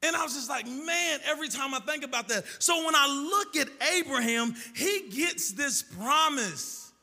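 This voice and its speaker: A man with a high, very bright voice preaches in a musical, sing-song cadence. He slips into the voices of the people in his stories as he goes. The sound carries a long reverb, as in a large church hall. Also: animated, normal speed. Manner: storytelling with acted-out dialogue. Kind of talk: sermon.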